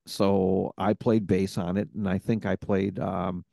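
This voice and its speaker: A podcast host telling stories in a casual chat, rambling with many fillers. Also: male voice, low voice, flat delivery, unhurried, vocal fry, warm tone, no echo, clean studio sound.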